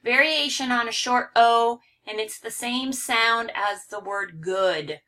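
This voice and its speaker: A woman's voice: on the high side, takes it slowly, sharp tone. A woman teaching a recorded phonics lesson, carefully overpronouncing example words.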